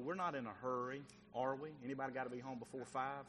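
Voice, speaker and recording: Folksy preacher in a reverberant church. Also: male voice, medium pitch, steady tone, fast talker. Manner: folksy, talks directly to the congregation. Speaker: pastor. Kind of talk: sermon. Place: church sanctuary. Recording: long church reverb, faint noise.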